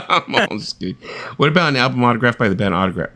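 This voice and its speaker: A man hosting a casual late-night live-stream chat who jokes around and laughs a lot. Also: mid-range voice. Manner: joking, laughs often, animated. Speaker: host.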